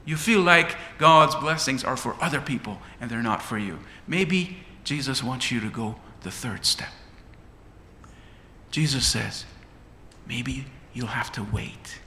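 A man preaches with dramatic swells, his pitch leaping and dropping through the sermon. His tone is bright and ringing. A long reverb follows him around a church hall, with a faint hum of ambience behind. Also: animated, measured pace. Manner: dramatic, rising and falling delivery.

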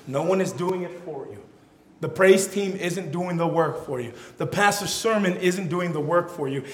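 A man preaching in a church, his voice pitched high for a man. He climbs to loud, emphatic peaks and then drops low and quiet. The sound rings around a roomy, echoey hall. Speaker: pastor. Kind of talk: sermon.

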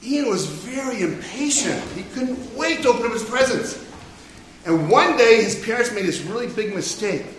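A man's voice: sits high, expressive, normal speed, a bit bright, a little hiss or hum. A man telling a story to children in a playful way and asking them questions, heard from far off in an echoey hall. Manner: playful, asks the audience questions.

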